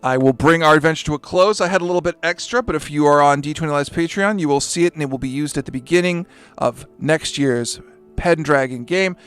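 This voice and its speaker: Male GM, narrates with dry asides and the odd curse; a touch high-pitched, soft music bed. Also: brisk, hardly any pauses, smooth. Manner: swearing, wry asides, voicing characters in quotes. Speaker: game master. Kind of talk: narrating a tabletop game.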